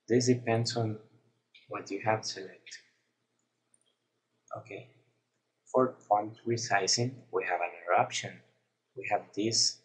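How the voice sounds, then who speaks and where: A man narrating a screen-recorded software tutorial, explaining each step in a plain, unhurried way. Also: lowish voice, slight background noise, rough recording.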